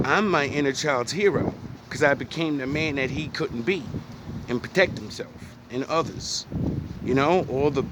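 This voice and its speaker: A man from New Jersey giving an intense, profane motivational talk in street slang, at times rising to pleading shouts. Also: on the high side, noisy background. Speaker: motivational speaker. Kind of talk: passionate monologue.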